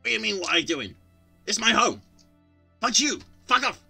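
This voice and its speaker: A small, foul-mouthed goblin, put on by a man running a tabletop game, barks and snaps at intruders in his home. The voice sits much higher than a normal man's, with a sharp, bright edge and a hostile, territorial bark. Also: very animated, moderate pace, vocal fry, husky, faint music behind, full character voice. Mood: angry. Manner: shouting, crude, territorial.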